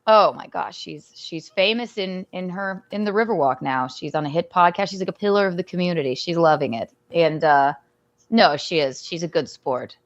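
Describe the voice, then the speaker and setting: A woman chatting as a podcast guest over a video call, animated and rambling, with frequent restarts and laughs. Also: on the low side, normal speed, no room sound. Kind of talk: casual chat. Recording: dull lo-fi audio.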